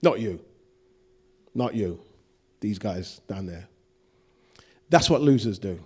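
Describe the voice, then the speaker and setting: A man's voice: on the low side, lively intonation, takes it slowly, slightly rough. A man preaching a sermon, acting out quoted voices and putting questions to the congregation. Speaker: pastor.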